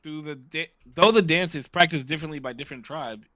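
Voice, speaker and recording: A man co-hosting a casual podcast, excitable and emphatic, swearing and repeating himself for effect. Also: fairly high pitch, a little fast, a crowd in the background. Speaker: podcast co-host.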